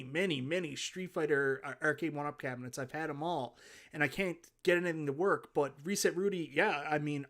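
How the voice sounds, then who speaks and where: His pitch is fairly high and his tone a bit bright. A Newfoundland-accented man, he hosts a relaxed livestream, rambling eagerly while reading viewer comments and thanking those who wrote them.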